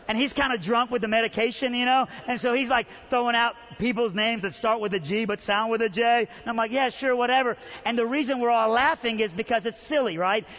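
Man preacher, high and animated, muffled sound with a long hall echo. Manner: animated storyteller, acting out both voices, rising to shouts. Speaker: pastor. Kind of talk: sermon with a personal story.

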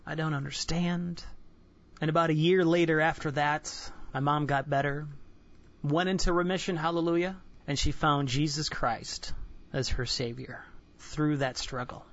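A man in his twenties giving an earnest, candid personal devotional sermon, halting and restarting often. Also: fairly high pitch, steady tone, fairly bright tone. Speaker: Christian devotional speaker. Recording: dull lo-fi dry recording.

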